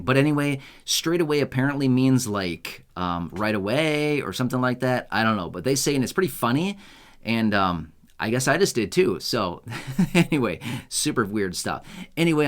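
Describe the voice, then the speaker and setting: A man's voice: medium pitch, fairly bright tone. Rambling, self-mocking American man. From United States. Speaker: YouTube host. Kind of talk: casual unscripted vlog.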